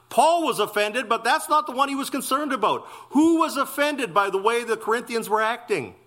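High, lively-voiced preaching man. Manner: emphatic, exclamatory preaching with slow stressed phrases. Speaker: pastor. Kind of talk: expository sermon.

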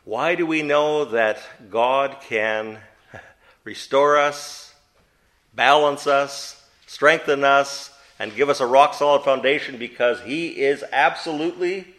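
A man's voice: medium pitch, slow, a bit bright. A man teaching a Bible study to a group, asking them questions and answering them himself, with emphatic stress on key words.

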